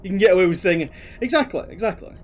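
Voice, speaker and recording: A man's voice: high-pitched, rapid-fire. Chatty British man streaming a game. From Britain. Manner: chatty, rambling, reads chat aloud. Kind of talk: casual gaming commentary.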